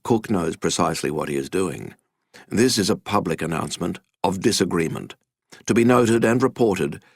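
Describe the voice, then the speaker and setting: A man narrates a history story in a scripted, dramatic way with a wry edge. His voice is fairly low, and the studio sound is dry with no room echo.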